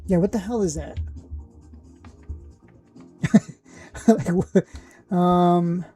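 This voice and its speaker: A woman hosting a casual stock live stream, thinking aloud with lots of fillers and blunt asides, a little hoarse from losing her voice. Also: lowish voice, extremely slow, mellow, faint music behind. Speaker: stock livestream host.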